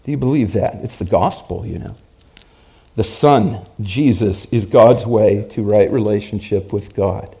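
A male preacher telling a story in a sermon, dramatic and at times building to loud emphasis. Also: on the low side, measured pace, creaky.

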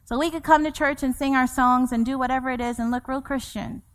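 A woman's voice: high-pitched, steady tone, brisk. A woman in her thirties, a pastor preaching a sermon in a church, repeating her points with emphasis and acting out scripture quotes. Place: church sanctuary. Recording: long church hall reverb.

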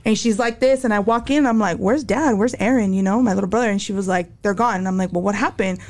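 A woman's voice: mid-range voice, fast talker. A young adult woman telling her life story as a podcast guest, candid and slangy, acting out quotes. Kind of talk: casual storytelling interview.

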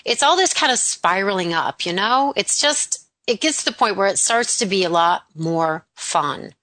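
Bright-voiced woman radio host. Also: medium pitch, expressive, moderate pace, slight background noise. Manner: warm, effusive, laughs easily. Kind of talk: casual radio talk.

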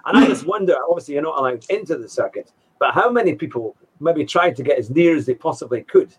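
A man's voice: fairly high pitch, animated, fast, slightly rough, low-quality recording. A man co-hosting a casual chat, talking in a rambling, musing way. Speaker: podcast co-host.

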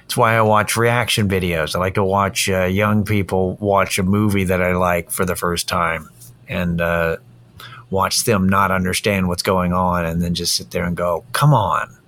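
A man's voice: deep voice, flat delivery, moderate pace, fairly bright tone. A man hosting a casual solo podcast, drained and worn out, rambling in a tired, self-deprecating way. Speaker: podcast host.

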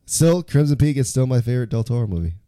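A man's voice: medium pitch, very animated, fast talker, dark tone, no echo, clean studio sound. A man hosting a casual movie review podcast, playful and laughing often. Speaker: podcast host.

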